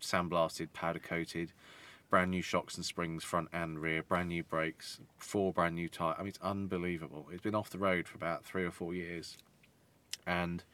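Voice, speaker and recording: Male podcast co-host, low voice, eager and chatty, quick to laugh. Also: a bit bright. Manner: enthusiastic, laughs often, rambling car talk. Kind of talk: casual chat.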